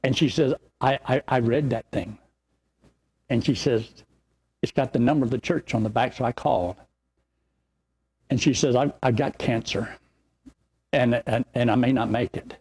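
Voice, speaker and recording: Folksy older pastor, husky. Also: male voice, medium pitch, normal speed, long pauses. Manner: folksy, rambling, animated storytelling. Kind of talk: sermon with storytelling.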